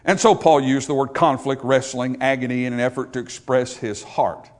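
A man's voice: medium pitch, steady tone, moderate pace. A man preaching a sermon, earnest and emphatic, building his points through repeated phrases. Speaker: pastor.

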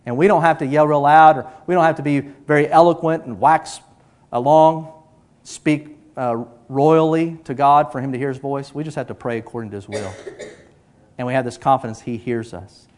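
A middle-aged male pastor preaching a sermon, telling stories with animated energy and dropping to a hush for emphasis. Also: a little high, moderate pace.

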